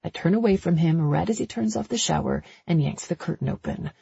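A woman narrating a first-person romance audiobook in a breathy, intimate storytelling voice. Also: fairly low pitch, lively intonation, fairly quick, mellow, dull audio.

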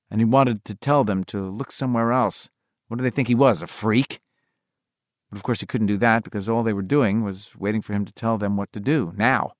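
A man's voice: on the low side, no room sound. Man narrating a novel, dry sound. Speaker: audiobook narrator.

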